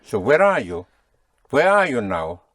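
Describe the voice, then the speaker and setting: A man's voice: medium pitch, very animated, unhurried, a bit bright, dry recording, studio quality. A man teaching a spoken language lesson, patiently drilling and correcting his students.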